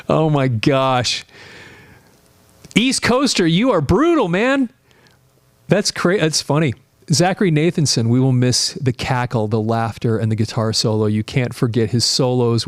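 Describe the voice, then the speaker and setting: Reading viewer comments aloud, a late-fifties man rambles animatedly through a casual live stream. He speaks in a mid-range voice at a moderate pace, with no room sound.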